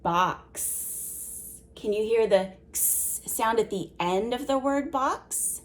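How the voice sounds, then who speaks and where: A woman teaching a children's phonics lesson, sounding out words slowly and asking gentle questions of a young listener. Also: on the high side. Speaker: preschool teacher.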